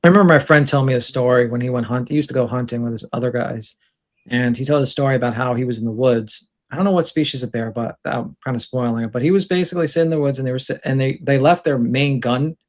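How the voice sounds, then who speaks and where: Brief: man co-host, mid-pitched, rambling and chatty, storytelling with restarts. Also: fast. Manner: rambling storyteller, gives advice. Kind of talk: casual chat.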